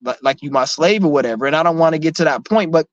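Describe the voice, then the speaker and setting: A man's voice: on the high side, fast, dry recording. Man ranting, blunt and profane. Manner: repeats himself with many restarts. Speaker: vlogger. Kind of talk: heated rant to camera. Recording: dull lo-fi, dry sound.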